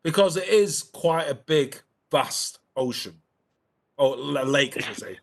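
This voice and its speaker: A man's voice: on the high side, expressive, a little slow, gravelly. A man co-hosting a casual live-stream chat, hesitant with many fillers and false starts. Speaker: podcast co-host.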